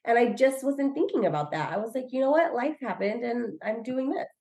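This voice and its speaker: A woman's voice: on the high side, animated, brisk, darkish tone, reverberant. A woman chatting as a guest on a video call, rambling, restarting her sentences and giggling. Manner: rambling and self-interrupting, giggly. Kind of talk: casual chat.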